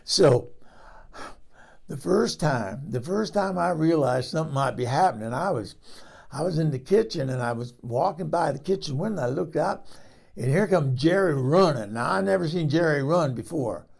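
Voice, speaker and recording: A man's voice: fairly high pitch, lively intonation, moderate pace, gravelly, darkish tone. A man playing a frank older woman who rambles through a comic story and laughs at herself. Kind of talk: comic character monologue.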